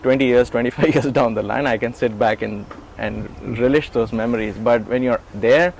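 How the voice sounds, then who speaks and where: A man's voice: medium pitch, normal speed, gravelly, a little hiss or hum, poor audio. A middle-aged man in an interview, recalling his years as an assistant and acting out the dialogue as he tells it. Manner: animated, acts out quoted dialogue. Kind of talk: conversational storytelling interview.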